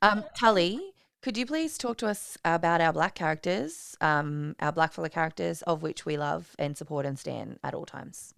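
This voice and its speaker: Aussie woman cohost, kinda low smooth voice, animated, swears while telling stories. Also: normal speed, no echo, clean studio sound. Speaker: podcast co-host. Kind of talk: casual chat.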